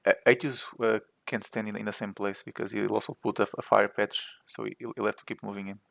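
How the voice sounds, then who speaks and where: A man in a game voice chat explaining tactics in halting bursts, repeating words as he goes. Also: on the low side, level tone, creaky, a bit bright, no echo. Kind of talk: casual voice chat strategy talk.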